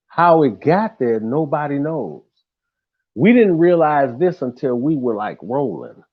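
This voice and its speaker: A man telling a tour story in a casual, animated way, full of slang and swearing, who sometimes shouts out the lines he quotes. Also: mid-range voice, narrow, tinny audio.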